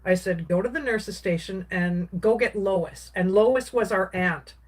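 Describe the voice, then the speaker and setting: A woman's voice: mid-range voice, a little slow. A woman, a craft vlogger, casually recounting a personal story in a rambling way, with many restarts and filler words.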